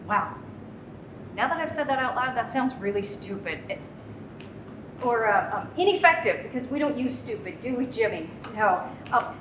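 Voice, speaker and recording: A woman's voice: fairly high pitch, natural voice. A woman playing a flustered, stammering mom. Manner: flustered, stammering, constant restarts and interruptions. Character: frazzled middle-aged mom juggling phone, elderly mother, toddler. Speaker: comedic actor. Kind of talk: live comedy sketch monologue. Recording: roomy, distant, noisy live recording.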